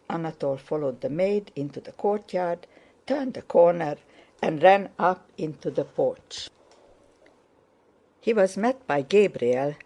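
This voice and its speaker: A woman narrates a classic novel with a low, dark voice. Her reading is slow, steady and measured. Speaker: audiobook narrator. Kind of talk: scripted narration.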